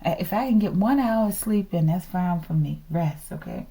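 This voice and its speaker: A woman's voice: lowish voice, lively intonation, normal speed, hardly any pauses, dark tone. A woman giving a casual tarot reading, thinking aloud and dropping into whispered asides to the viewers. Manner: drops into whispered asides, often addresses the viewers as the collective; rambling, thinks aloud with frequent sighs and laughs. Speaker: tarot reader.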